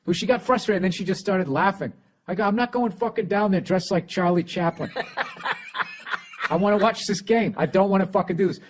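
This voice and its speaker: A man in his forties hosts a casual podcast chat, his voice sitting a touch higher than most men's. He swears freely and tells animated stories. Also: moderate pace. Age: 40s. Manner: profane, animated storytelling. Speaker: podcast host.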